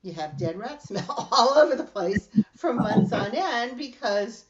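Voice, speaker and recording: Animated middle-aged woman telling stories. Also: fairly high pitch, unhurried, muffled recording, crowd noise. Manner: animated storyteller, laughs often. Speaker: podcast host. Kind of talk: casual podcast chat.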